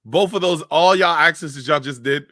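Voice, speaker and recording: High, sharp-voiced man ranting hotly. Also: moderate pace, no echo, clean studio sound. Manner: heated, profane, animated rants. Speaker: podcast co-host. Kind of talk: casual comedic chat.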